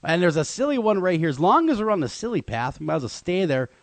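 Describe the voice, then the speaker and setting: A man's voice: high-pitched, fast talker, no room sound. A man co-hosting a radio show in casual banter, telling stories playfully and often laughing. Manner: animated, laughing, playful storytelling. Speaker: radio co-host.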